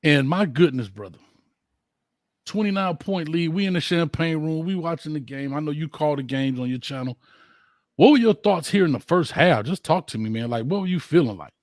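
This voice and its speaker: A man hosting a casual sports debate, excitable and quick to cut in. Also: a little high, no echo, clean studio sound. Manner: excitable, cuts in often. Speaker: host.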